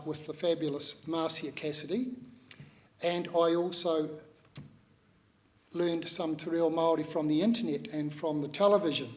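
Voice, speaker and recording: Older New Zealand man, public speaker, thoughtful and halting, pitched a little high. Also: a little mellow. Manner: measured, reflective, with many pauses and hesitations. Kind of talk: personal talk to an audience.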